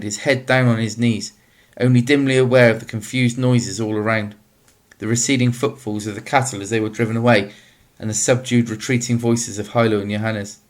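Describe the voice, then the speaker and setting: A man reading a novel aloud as narrator, in a steady, measured way. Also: mid-range voice. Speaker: audiobook narrator.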